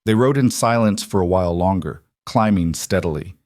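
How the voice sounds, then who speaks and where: A man narrating a western story in a steady, measured storytelling voice. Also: low voice, no echo, studio quality. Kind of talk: scripted audiobook narration.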